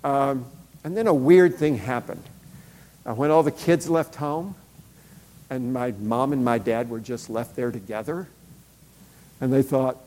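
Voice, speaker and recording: A man's voice: mid-range voice, measured pace, pauses often, mellow, a little hiss or hum. A middle-aged man telling a personal story in a casual, conversational way, with lots of fillers and short acted-out quotes. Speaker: speaker. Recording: long hall reverb.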